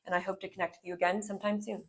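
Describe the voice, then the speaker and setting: A young woman in her twenties talks through a tarot reading in a loose, rambling way. She circles back on her thoughts and leans on fillers, with a gentle, reflective delivery. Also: mid-range voice, flat delivery, rapid-fire. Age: 20s. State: slightly out of breath. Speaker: tarot reader. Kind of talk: casual spoken tarot reading.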